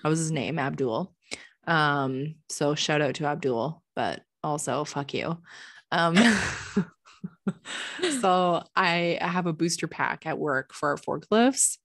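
A young Canadian woman co-hosting a casual podcast from home, telling animated stories and swearing freely. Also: deep voice, takes it slowly, no room sound, clean studio sound. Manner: swears freely, animated storytelling with quoted voices. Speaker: podcast co-host. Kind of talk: casual chat.

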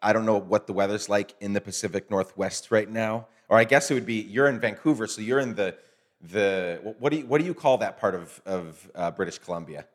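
Brisk and lowish-voiced, a podcast host carries a conversational interview with casual, self-deprecating jokes. He has a groggy, morning-sounding voice.

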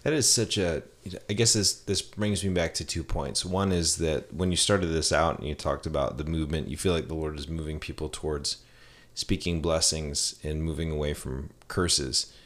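A man hosting a casual podcast conversation, speaking in a reflective, measured way. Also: rumbling low, a bit bright. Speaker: podcast host.

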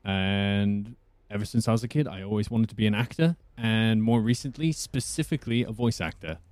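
A man's voice: lowish voice, fairly quick, darkish tone, no echo. A man who is a voice actor, chatting as a guest in a casual interview, rambling and often restarting his sentences.

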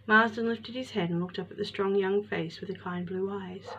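A woman narrating a storybook tale in an expressive, measured way. Her voice sits in a middle pitch. The recording is slightly muffled, with a faint hiss beneath.

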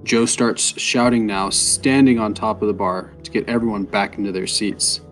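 A man with a fairly low voice narrating a fantasy tale at a measured pace. Soft guitar plays quietly behind him. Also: steady tone. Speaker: storyteller. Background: soft guitar music.

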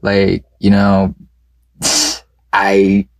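A man's voice: sits low, monotone, drawn-out words, creaky, dry recording. A man co-hosting a podcast in casual, profane chat, rambling with fillers and laughing often. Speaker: podcast co-host.

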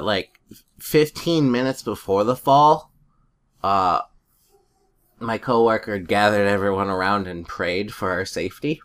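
A man's voice: lowish voice, fairly bright tone. A man in a casual chat, telling rambling stories and chuckling often.

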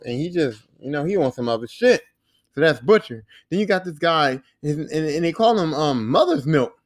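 A high-voiced man hosts a podcast, delivering a casual comedic monologue that recaps a show. It is an animated, fairly quick, profane and rambling rant in which he acts out quoted characters in exaggerated voices.

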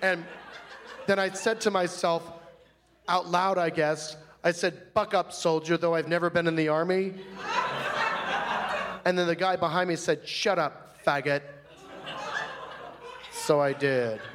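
On a stage mic with background noise, a comic plays a flamboyant, fussy, chatty man telling a grievance in a live comedy monologue. His voice is on the high side and steady, unhurried with frequent pauses, and the performance is lightly acted as he rambles in a prissy, gossipy manner.

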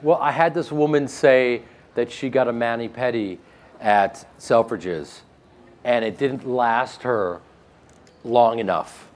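A man with a flat Midwestern American accent, interviewed about his acting work, joking and self-deprecating with frequent restarts. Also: medium pitch, slow, long pauses, slight background noise. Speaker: actor interviewed. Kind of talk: casual interview chat.

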